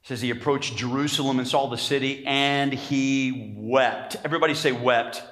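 A man's voice: medium pitch, fairly even intonation, normal speed. A male pastor preaching a sermon emphatically, calling for amens from the congregation. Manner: emphatic preaching, calls for amens, rising to shouts. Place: church sanctuary.

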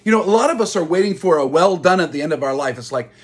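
A man with a slightly raised pitch and a husky edge preaches a sermon. He talks earnestly, circling back over key phrases to drive them home. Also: expressive, fast talker. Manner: earnest, repeats phrases for emphasis. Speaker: pastor.

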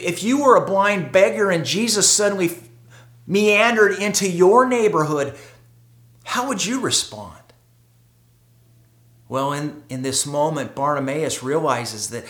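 A pastor preaches a dramatic sermon, rising to loud emphatic peaks and dropping to hushed stretches. Words and phrases come back again and again for weight. The voice sits mid-pitch and rings in a roomy, echoey hall. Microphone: streamed service mic.

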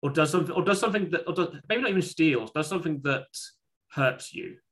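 Man, bright tense tone, casual chat co-host, rambling anecdote delivery with restarts. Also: on the high side, fast. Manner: rambling storytelling with many restarts and fillers. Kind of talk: casual conversation.

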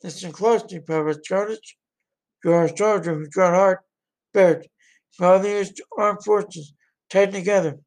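A man's voice: high voice, fairly even intonation, normal speed, a little mellow. A man playing an encouraging wartime president. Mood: rousing. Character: encouraging male US president addressing a soldier. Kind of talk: amateur solo role-play.

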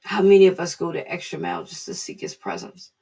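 Casual bible devotion talk, earnest, raspy and a bit breathy, repeats stuff for emphasis. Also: mid-range voice, very animated, fast talker, warm tone. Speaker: devotional speaker. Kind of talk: informal devotional preaching.

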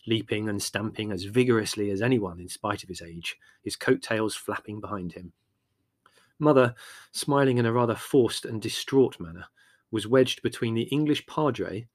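This audiobook narrator speaks in a voice on the low side, telling the scripted story in a measured, expressive way. The sound is dry and studio-clean.

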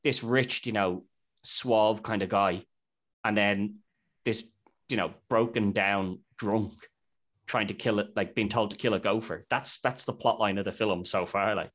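The host of this podcast speaks in a fairly low, somewhat bright voice with fairly even intonation and a measured pace. Over dull lo-fi audio, he casually discusses a film, retelling its scenes and quoting dialogue.

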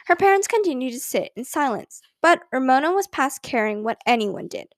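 A woman narrating a children's story in an expressive reading voice. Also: high-pitched, a little fast, no echo, studio quality. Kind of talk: scripted narration.

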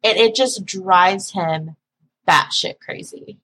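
A woman guest on a podcast, telling stories in a lively, joking way and acting out the people she talks to. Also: medium pitch, slow pace, slightly rough. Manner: animated storyteller, acts out callers, laughs often. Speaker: podcast guest, phone sex operator. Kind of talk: casual podcast conversation.

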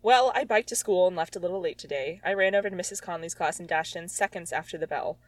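A woman's voice: lowish voice, fast talker, dry recording, distant mic, natural voice. A woman voicing a teenage schoolgirl explaining herself in a plain tone. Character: shy teenage schoolgirl in trouble.

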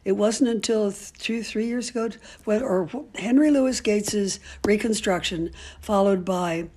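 A woman's voice: mid-range voice, moderate pace, mellow. An older woman, a great-grandmother, speaking as an interviewee in a candid, outspoken way, telling stories with frequent ums and restarts. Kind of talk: casual storytelling.

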